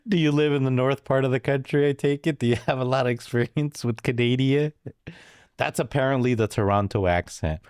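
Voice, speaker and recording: A man's voice: mid-range voice, fairly quick, darkish tone, smooth, dry recording, clean studio sound. A man streaming live, reacting to videos with blunt, mocking asides.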